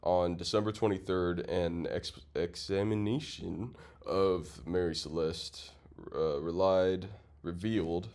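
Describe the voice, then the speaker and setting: Low-voiced guy reading slowly on a chill podcast, trips on words, laughs a lot. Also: steady tone, darkish tone, clear, resonant tone. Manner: stumbles over words while reading; laughs often, swears casually. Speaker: podcast co-host. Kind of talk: casual chat, reading aloud.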